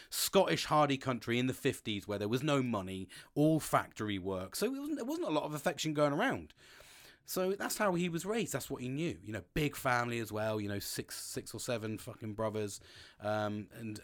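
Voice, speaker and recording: A man chatting casually and frankly as a podcast host, rambling with restarts and swearing often. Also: lowish voice. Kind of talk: casual personal chat.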